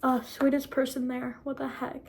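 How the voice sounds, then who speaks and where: A young woman vlogging casually, excited and disbelieving, rambling with many fillers as she tells her story. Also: high voice, moderate pace, slight background noise.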